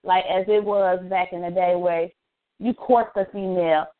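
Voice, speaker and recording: A woman's voice: fairly low pitch, steady tone, normal speed. Agreeable woman co-host, phone-thin. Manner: agreeing, frequent backchannels. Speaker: radio show co-host. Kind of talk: casual chat. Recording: tinny phone-like sound.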